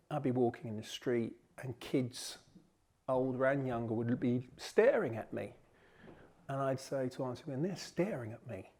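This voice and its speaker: A man's voice: medium pitch, darkish tone. A man in his sixties from Surrey, England, telling stories from his childhood in an interview, in a reflective way. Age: 60s. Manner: reflective, storytelling.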